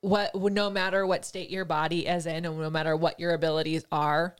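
A woman hosting a podcast, telling a story in casual chat, excitable and gushing, with lots of fillers. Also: lowish voice, a little fast, clean tone. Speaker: podcast host.

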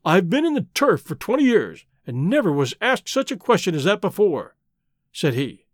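A man reading aloud as a proud, excitable colonel with a brusque manner. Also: high-pitched, moderate pace, no room sound, clean studio sound. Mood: indignant. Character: proud, agitated older male colonel, horse owner.

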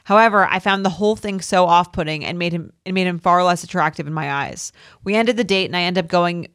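A woman's voice: fairly low pitch, brisk, a bit bright, no echo, clean studio sound. A woman co-hosting a casual dating podcast, chatting and reading out listener emails. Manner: chatty, laughs easily. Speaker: podcast co-host.

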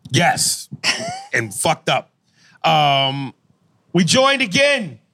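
Brash, bright-voiced male podcast host. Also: on the high side, very animated, drawn-out words, vocal fry, no room sound. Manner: brash, profane, teasing. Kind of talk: casual podcast banter, reading emails.

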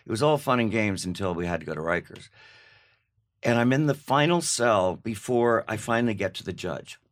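An older man, a guest actor, telling candid anecdotes in an interview, animated and laughing, slipping into voiced quotes. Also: on the low side, normal speed.

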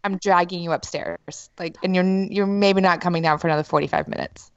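Deadpan joking woman cohost, dry dull mic sound. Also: lowish voice, brisk, no echo. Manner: wry, deadpan jokes. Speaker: podcast co-host. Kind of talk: casual chat.

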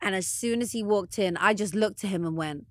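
A woman guest on a podcast who tells a story with excitement, swears freely and acts out what people said. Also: mid-range voice, fairly quick, dry recording, studio quality. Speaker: guest, motivational speaker. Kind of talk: animated storytelling in casual chat.

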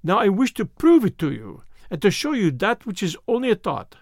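A man's voice: sits high, huge pitch swings, brisk, dry recording, studio quality, heavily acted. A man voicing an agitated medium at a seance, with a trembling, pleading way of talking. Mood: hushed, insistent. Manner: trembling, pleading, formal phrasing.

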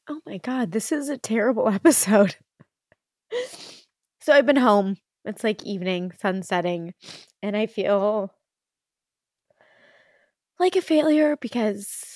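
A woman's voice: medium pitch, no room sound. A woman in her thirties hosting a candid solo podcast, talking in an emotional, rambling, self-deprecating way and swearing casually, close to the mic. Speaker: podcast host.

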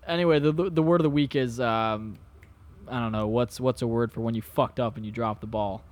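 A man's voice: medium pitch, fairly even intonation, fairly quick. Male podcast co-host, casual banter, swears a lot, rambly and jokey. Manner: profane, joking, rambling. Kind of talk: casual chat.

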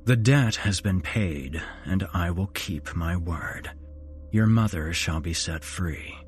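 A man voicing a sinister male dark entity from the afterlife, speaking in a slow, measured, menacing way. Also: deep voice, a little hiss or hum.

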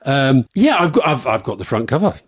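A man's voice: medium pitch, very animated, fairly quick, slightly rough, no echo, studio quality. A middle-aged man co-hosting a live podcast, rambling through anecdotes and chuckling at his own stories. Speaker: podcast co-host.

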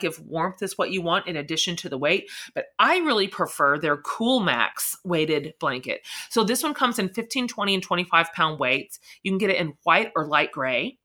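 A woman's voice: low-pitched, pushed and bright. A middle-aged woman co-hosting a podcast, gushing about products in a chatty way with many fillers. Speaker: podcast co-host. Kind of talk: casual gift-guide chat.

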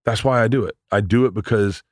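A man in his forties, a comedian, telling stories in a casual interview, animated and swearing, acting out the voices of people he quotes. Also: lowish voice, fast talker, dry recording, clean studio sound. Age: 40s. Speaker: comedian guest.

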